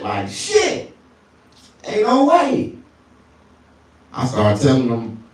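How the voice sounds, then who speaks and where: A male stand-up comedian telling crude stories, often jumping into falsetto. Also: a little mellow, heavy reverb, distant mic. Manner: crude, storytelling, swings into falsetto.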